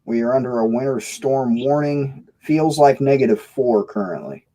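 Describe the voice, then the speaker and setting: A man's voice: mid-range voice, animated, moderate pace, dark tone, poor audio. A man hosting a casual live stream chat, joking and asking his guests questions.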